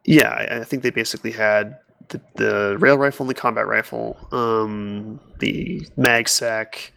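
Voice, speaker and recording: A man's voice: lowish voice, a little slow, creaky, sharp tone. A man co-hosting a casual gaming podcast, talking in a frustrated, rambling way with many restarts. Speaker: podcast co-host.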